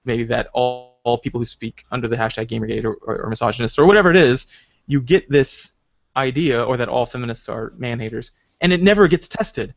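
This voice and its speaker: A man hosting a casual podcast chat, rambling and animated, with lots of restarts and "like" fillers. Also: mid-range voice, brisk, creaky. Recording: slightly dull lo-fi recording.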